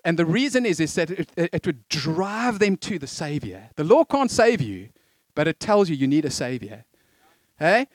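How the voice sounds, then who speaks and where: A middle-aged man preaching a conversational sermon, with jokey asides and lively emphasis. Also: on the high side, normal speed, no echo.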